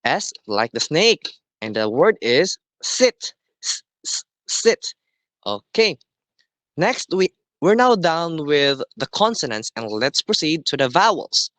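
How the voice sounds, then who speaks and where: A man teaching a class, explaining slowly and deliberately and often checking in with "okay". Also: a little high, very animated, a bit bright, dry recording. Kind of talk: classroom lesson.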